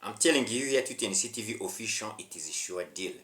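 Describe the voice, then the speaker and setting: A man's voice: fairly low pitch, lively intonation, fast, fairly bright tone, echoey room. A man from Rwanda with a Rwandan accent, an English teacher giving a lesson straight to the viewer in a repetitive, preachy way with emphatic swells. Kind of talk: direct-to-camera English lesson.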